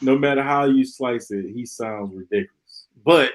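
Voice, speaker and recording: A man's voice: mid-range voice, moderate pace, noisy background. A man hosting a live stream, ranting in an exasperated, sarcastic way and often repeating himself. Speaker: podcast host.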